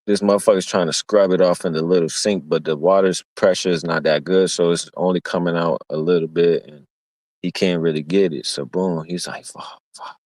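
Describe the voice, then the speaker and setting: A young man with a very low voice tells a rambling, profane story in casual street talk, stopping to act out the other people in it. The sound is dry and close, with no room around him. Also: steady tone, a little fast, darkish tone, dry recording. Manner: acts out quoted voices. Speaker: streamer. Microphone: streaming mic.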